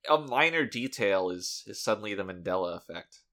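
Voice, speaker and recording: A man's voice: fairly low pitch, lively intonation, a little fast, sharp tone. A man co-hosting a podcast in casual chat, talking with dry, sarcastic humor. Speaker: podcast co-host.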